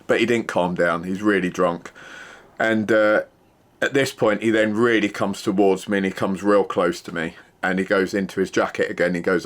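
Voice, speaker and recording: Middle-aged man, very deep voice, casual rambling storyteller, matter-of-fact. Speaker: former security worker.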